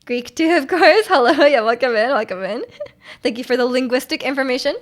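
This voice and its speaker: Young woman streamer, chatty and giggly, rambling with restarts, slightly high voice. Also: fairly quick. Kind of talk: casual chat with live chat.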